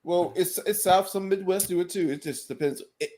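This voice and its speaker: A man's voice: sits high, moderate pace, darkish tone. A man in a casual podcast chat giving blunt, firm opinions.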